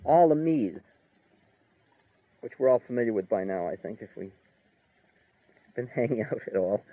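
A man giving an informal spiritual lecture in a relaxed, conversational way, chuckling and filling his talk with "like" and "you know.". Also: medium pitch, normal speed, no room sound. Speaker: spiritual teacher. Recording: tinny narrow-band dry recording.

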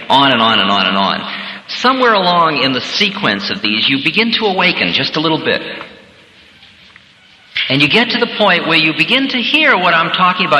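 A man's voice: medium pitch, bright, forceful tone, a little hiss or hum. A man giving a reflective, conversational workshop talk as a spiritual teacher, now and then acting out little scenarios. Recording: echoey hall with long reverb.

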